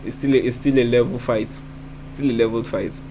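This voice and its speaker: A man's voice: mid-range voice, steady tone, brisk, dark tone, slight background noise. A man hosting a reaction video, breaking down rap lyrics in a thoughtful way and often repeating himself as he thinks aloud.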